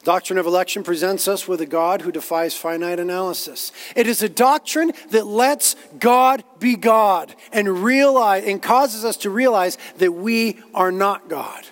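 This pastor's sermon is earnest, built on repetitions and quotations from others. His voice sits high and moves at a measured pace with few pauses, followed by a long reverb tail.

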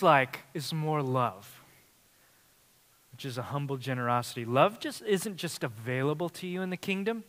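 A man preaching from the pulpit with a bright, forceful voice pitched a little high. He swings from ringing emphasis down to hushed, intimate asides, and his words trail off into the long reverb of a big hall. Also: lively intonation, normal speed. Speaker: pastor. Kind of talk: sermon.

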